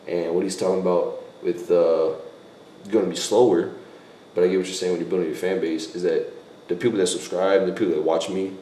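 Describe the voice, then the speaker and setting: A man's voice: deep voice, warm tone. A young man hosting a casual vlog, answering viewer questions in a rambling, self-correcting way and laughing often. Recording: echoey room, faint background noise.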